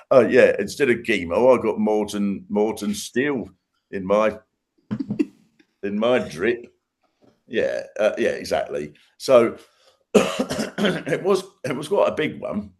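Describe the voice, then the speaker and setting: A man, a guest, telling stories in casual chat, animated and laughing, with trailing restarts. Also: on the low side, slow, long pauses.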